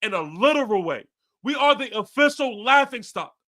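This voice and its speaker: A man's voice: very high-pitched, lively intonation, moderate pace, bright, forceful tone. A man hosting a live fan stream, ranting after a game with profanity and lots of repetition. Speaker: fan podcast host.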